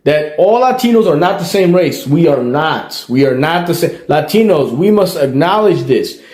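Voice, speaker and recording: A man from El Salvador lectures with emphasis, hammering his points home by repeating them. His voice sits a bit high for a man. The room gives his voice a noticeable echo. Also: expressive, normal speed, a little mellow. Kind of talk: explainer commentary.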